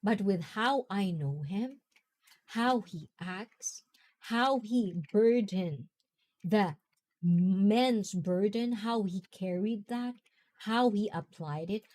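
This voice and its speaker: Slow, mellow-voiced woman. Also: mid-range voice. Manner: rambling, chatty, laughing often. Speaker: host. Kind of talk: casual talk.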